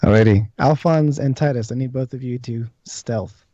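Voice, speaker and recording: Mellow-voiced man running a tabletop game. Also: mid-range voice, dry recording. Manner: deliberate, explains rules and scenes patiently. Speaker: game master. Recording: dull lo-fi stream audio.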